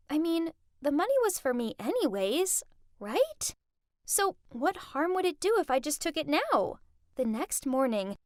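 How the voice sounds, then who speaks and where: A woman narrating a first-person animated story in an expressive, dramatic manner. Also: a little high, no echo, clean studio sound.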